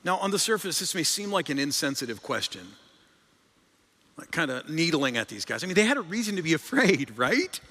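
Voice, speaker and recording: A man's voice: sing-song, a little fast, bright, forceful tone. A man preaching a sermon as pastor, conversational and often restarting words, his voice climbing and swelling for emphasis. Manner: conversational, rises in pitch and volume for emphasis, repeats words. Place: church sanctuary. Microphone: stage microphone. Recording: long reverb of a large hall.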